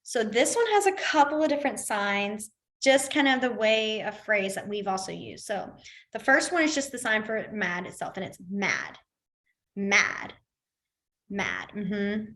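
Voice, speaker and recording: A woman's voice: medium pitch, big pitch swings. Chatty woman teaching a class. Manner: chatty, laughs often, talks through demonstrations with long quiet pauses. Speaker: sign language teacher. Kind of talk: casual class instruction. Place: library classroom.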